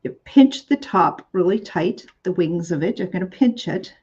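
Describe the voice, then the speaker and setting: A woman's voice: lowish voice, animated, moderate pace, darkish tone, husky, dull audio. A woman hosting a live shopping show, chatting in a rambling way with many fillers.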